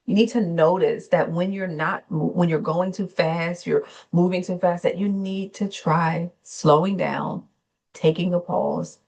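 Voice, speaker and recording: A woman therapist hosting a gentle wellness talk, speaking slowly and soothingly, unscripted, with small self-corrections along the way. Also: on the low side, steady tone, vocal fry. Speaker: therapist and channel host.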